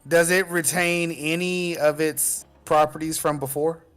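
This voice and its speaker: A man playing a tabletop game, talking casually and hesitantly with many pauses and restarts. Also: fairly high pitch, steady tone, fairly bright tone, clear, resonant tone, soft background music. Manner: hesitant, lots of ums and restarts. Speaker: player.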